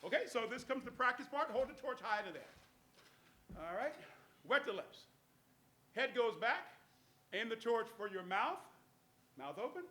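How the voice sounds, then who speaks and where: High, bright-voiced man on stage. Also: very animated, moderate pace, long pauses. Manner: coaxing, step-by-step commands with jokes. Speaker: stage magician. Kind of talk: live stage patter, instructing volunteers. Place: live cafe stage with audience. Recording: echoey live venue.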